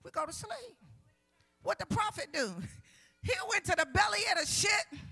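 A woman preaches a sermon in a very high, gravelly voice with a bright, sharp edge. She drops into quiet teasing asides, then climbs to loud shouted calls at the congregation. Faint music plays under the live church recording. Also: expressive, moderate pace. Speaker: guest minister.

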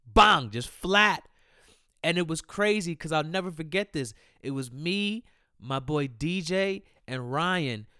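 A man's voice: on the high side, fairly bright tone, smooth, no room sound, studio quality. A young man telling funny personal stories in a casual, slangy way, laughing often and repeating himself. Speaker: storyteller. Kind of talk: casual storytelling.

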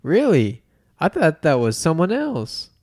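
A man's voice: a little high, wildly swooping pitch, a little slow, a little mellow, dry recording, clean studio sound. A young man co-hosting a casual movie podcast, joking and laughing often. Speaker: podcast co-host.

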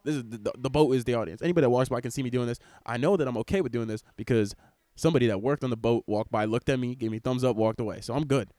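Fast-talking young man ranting on a podcast. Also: mid-range voice, dry recording. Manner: rambling, excitable, swears freely. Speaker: podcast host. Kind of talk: casual podcast chat. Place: in public on a cruise ship. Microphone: wearing headphones, laptop recording.

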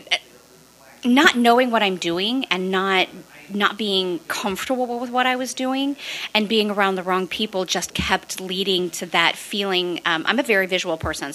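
Bright, animated woman telling her story. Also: mid-range voice. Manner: animated, laughing, acts out quoted voices. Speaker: podcast guest, real estate investor. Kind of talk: casual interview storytelling.

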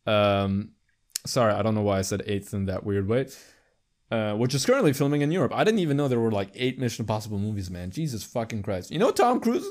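A young man hosting a podcast, chatting casually in a rambling, profane way and jumping into high squeaky voices for quips. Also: fast talker, darkish tone. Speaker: podcast host. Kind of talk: casual chat.

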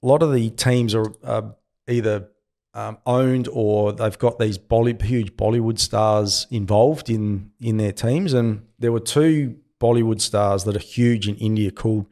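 A former cricketer turned commentator, this early-fifties Australian man is a guest in a casual interview chat, telling stories in a relaxed way and laughing at himself. He speaks in a lowish voice, unhurried.

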